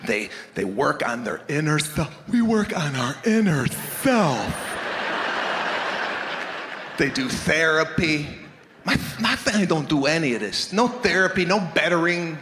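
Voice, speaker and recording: A man doing a stand-up comedy set, animated, shouting his punchlines and working the crowd. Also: a little high, a little slow. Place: live comedy stage before an audience. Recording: echoey venue with loud crowd noise.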